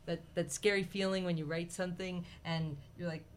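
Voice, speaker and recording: A woman in her forties, a children's book author, telling stories quickly and animatedly in a radio studio interview. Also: lowish voice, slight background noise. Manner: animated and fast-talking. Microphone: studio mic.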